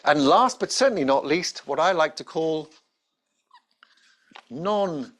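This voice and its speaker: A man, a presentation skills trainer giving an instructional talk to camera with emphatic, varied intonation and deliberate pauses. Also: fairly high pitch, lively intonation, a bit bright.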